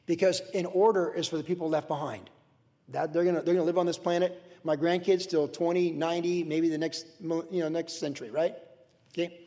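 An older man preaching a sermon from the pulpit in an earnest, emotional way, swinging from soft to loud. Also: on the high side, fairly even intonation, a little fast, long reverb tail. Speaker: pastor. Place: church sanctuary.

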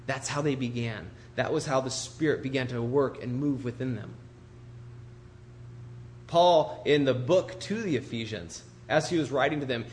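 Here a male pastor delivers a sermon casually, often posing rhetorical questions to the congregation. He speaks in a mid-range voice, and there's a little hiss or hum underneath.

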